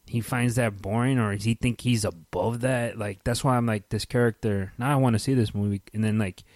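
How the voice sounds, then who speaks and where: Joking low-voiced man, casual chat. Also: fairly even intonation, brisk, darkish tone, no echo. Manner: loose, profane, joking, many "like" fillers.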